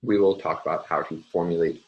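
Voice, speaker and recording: A middle-aged man with a very deep, low voice gives a recorded university lecture. He explains concepts step by step in a measured, patient way. His steady delivery is broken by ums and uhs. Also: muffled recording, slight background noise.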